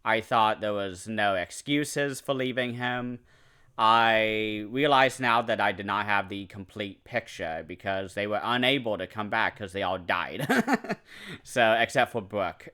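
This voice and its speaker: A man's voice: on the low side, pushed and bright, clean tone. A man giving a casual, enthusiastic anime review, rambling with fillers and self-corrections.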